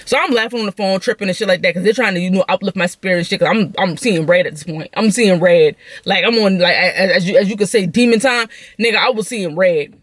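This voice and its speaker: A young woman telling a venting story at a quick clip, profane and animated. Her voice is dry and close, with no room sound around it, and her pitch sits mid-range. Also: no room sound. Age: young adult. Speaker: vlogger.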